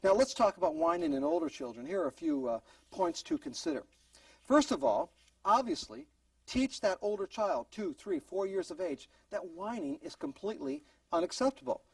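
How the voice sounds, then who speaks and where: A man's voice: high-pitched, very animated, normal speed, vocal fry, breathy edge, no echo, distant mic. A man teaching a parenting class in an earnest tone, acting out short exchanges between parents and children. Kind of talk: recorded parenting class lecture.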